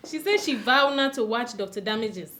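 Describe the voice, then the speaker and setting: A woman's voice: high-pitched, pushed and bright, slight background noise. A woman with a Nigerian accent, co-hosting a comedy show, who reads viewer emails aloud with chatty, amused asides. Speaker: co-host reading viewer emails. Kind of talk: reading emails aloud with banter.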